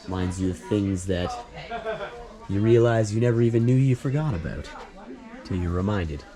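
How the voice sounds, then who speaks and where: A man's voice: lowish voice, moderate pace, a crowd in the background. A man vlogging as he wanders through an indoor flea market, chatting easily and musing about what he sees. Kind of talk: casual walkthrough narration. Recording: music playing behind. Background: music playing in the store.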